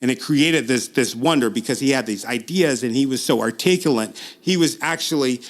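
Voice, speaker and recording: A man working as a public speaking coach, giving a casual, earnest pitch straight to the viewer, with frequent ums, restarts and repeated phrases, his pace speeding up and slowing down. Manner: uneven pace, speeds up and slows down. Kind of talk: casual direct-to-camera pitch.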